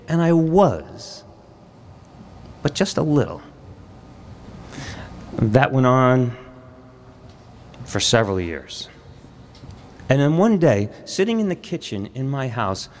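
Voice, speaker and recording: A man's voice: mid-range voice, a little mellow, a little hiss or hum. Man telling a personal story live. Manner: measured, reflective, with dramatic pauses. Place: storytelling event on stage.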